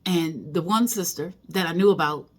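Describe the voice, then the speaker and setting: A woman's voice: on the low side, moderate pace. A middle-aged woman talking casually in a personal vlog, emotional and rambling, with many fillers and restarts. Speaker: vlogger.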